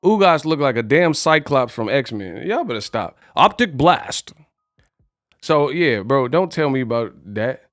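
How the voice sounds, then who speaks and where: A man's voice: mid-range voice, lively intonation, normal speed, few pauses, no echo. A young man hosting a casual boxing news vlog, talking in brash, slangy trash talk. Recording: dry voice with faint music.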